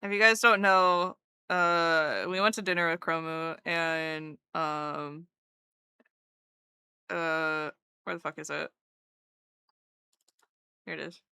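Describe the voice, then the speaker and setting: A woman chatting casually on a live stream, bubbly and excitable, swearing freely as she greets viewers. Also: sits low, slow pace, long pauses, smooth, dry recording, clean studio sound.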